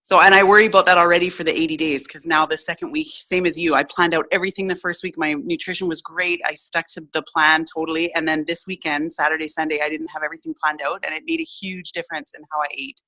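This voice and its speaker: A woman's voice: sits low, steady tone, quick pace, few pauses, bright, forceful tone, low-quality recording. A woman in a casual group chat, talking openly and rambling as she sorts out her thoughts. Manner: open, rambling, self-searching. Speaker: group member.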